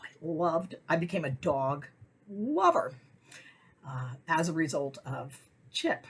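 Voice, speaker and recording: A middle-aged woman telling personal stories in a casual, chatty way, often acting out what people said in high voices. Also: measured pace, breathy edge. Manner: chatty, animated, acts out quotes in high voices. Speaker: weekly message host.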